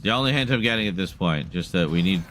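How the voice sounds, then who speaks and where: A man's voice: low voice, lively intonation, fast, a bit bright, a little hiss or hum. A man giving casual, chatty live commentary as he streams a horror game, wry and laughing at himself, with light swearing. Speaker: gaming streamer.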